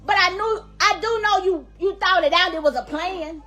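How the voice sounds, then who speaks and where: A woman's voice: extremely high pitch, moderate pace, hardly any pauses, sharp tone, faint music behind. A middle-aged woman makes an angry, emphatic public plea as a grieving grandmother, repeating herself for force. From Louisiana, USA.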